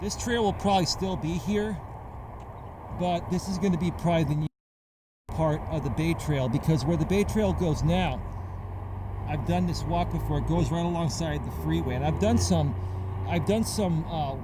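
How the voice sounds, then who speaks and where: A man talks on a casual walking vlog, an animated storyteller with a slightly high voice who keeps checking in with "right?". He records outdoors at night on a phone with a small shotgun mic. Steady traffic noise from a nearby freeway runs under his voice. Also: moderate pace. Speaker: life coach. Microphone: phone on a selfie stick with a mini shotgun mic.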